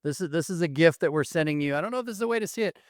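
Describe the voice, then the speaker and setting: A man's voice: on the high side, animated, rapid-fire, no echo, studio quality. A man co-hosting a podcast, effusive and full of praise, telling stories in casual chat. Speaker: podcast co-host.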